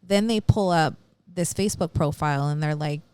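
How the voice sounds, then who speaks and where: A woman's voice: deep voice, moderate pace, darkish tone, smooth. A woman co-hosting a podcast, casually retelling a true-crime story, acting out quotes and swearing freely. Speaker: podcast co-host.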